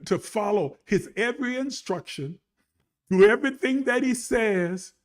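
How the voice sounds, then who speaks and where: A man's voice: high voice, expressive, unhurried. A male preacher delivering an emphatic sermon, calling out to his listeners with rhetorical questions.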